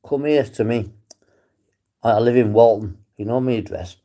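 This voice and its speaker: A man's voice: medium pitch, moderate pace, dark tone. Defiant man ranting on a livestream. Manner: defiant, swears often, addresses viewers by name. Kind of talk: rambling live stream monologue.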